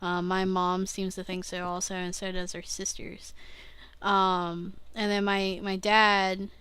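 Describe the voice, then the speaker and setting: A woman's voice: medium pitch, monotone, slow pace, fairly bright tone, clean tone, no echo. A young woman vlogging casually, rambling and interrupting herself, often laughing at her own slips. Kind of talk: casual rambling video diary.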